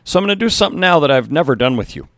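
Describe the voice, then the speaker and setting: A man voicing a passionate high school basketball coach giving an earnest, rousing pep talk to his team. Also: expressive, rapid-fire, fairly bright tone, no room sound, studio quality.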